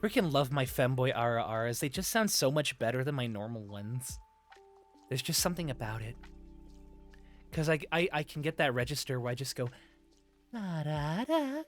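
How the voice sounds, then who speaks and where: A man streaming live, chatting in a soft, breathy, put-on high "femboy" voice close to the mic, giggling and reading chat aloud. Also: animated, a little fast, soft background music.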